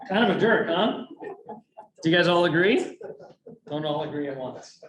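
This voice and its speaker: A man giving a motivational talk to a business group in a meeting room, jokey and full of questions to the audience. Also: fairly high pitch. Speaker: speaker. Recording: roomy, mic from a distance, faint hum.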